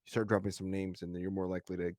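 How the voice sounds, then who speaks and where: A male podcast host explaining things in a relaxed, coaching way in casual conversation. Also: sits low, rapid-fire, dry recording, studio quality.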